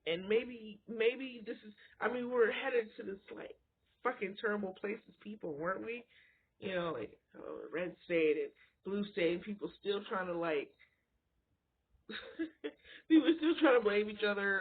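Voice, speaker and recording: A woman's voice: mid-range voice, expressive, unhurried, breathy edge. Woman ranting casually, swears a lot, asks questions back at you, tinny phone-ish sound. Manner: blunt, profane, rhetorical questions. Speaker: vlogger. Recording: phone-like lo-fi audio.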